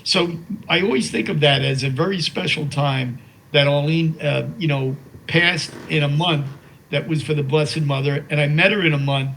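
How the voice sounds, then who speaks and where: An older man speaking as an interview guest, remembering his late wife with emotion, halting over fillers and restarts. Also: on the high side, fairly bright tone, a little hiss or hum, poor audio. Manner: slow and reverent while reading a poem aloud.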